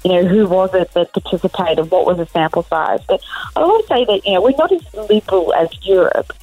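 Woman, expert guest, frank, articulate, low pitch, dry sound. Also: lively intonation, brisk, mellow, breathy edge, no room sound, muffled recording, faint music behind. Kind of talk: radio discussion.

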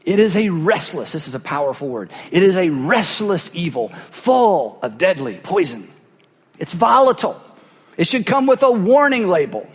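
A man's voice: high voice, big pitch swings, normal speed, husky. A man preaching a sermon as pastor, speaking into a cheek microphone and emphatically repeating phrases for effect. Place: church sanctuary. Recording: long hall reverb.

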